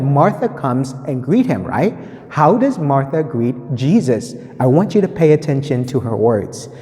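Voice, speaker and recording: A man walks through a gospel reading in an easy teaching tone, stopping to ask "right?" and stressing his points again. His voice is mellow and dark. The sound rings with a long reverb tail. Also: on the high side. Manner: conversational, repeats points, many "right?" tag questions. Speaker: preacher giving a gospel reflection. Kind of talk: teaching reflection on scripture.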